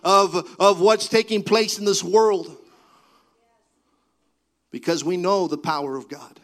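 A man preaching a sermon, building to fervent, half-sung cries, then dropping to a low, earnest delivery. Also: poor audio. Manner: preaching with rising, shouted fervor. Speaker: pastor.

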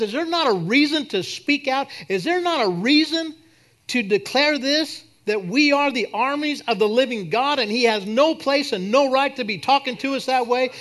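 A man preaching a sermon and leading a prayer at a church service, swinging from loud declarations to quiet prayer. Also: extremely high pitch, animated, normal speed. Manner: preaching, rising to shouts then dropping to a soft prayer. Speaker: pastor.

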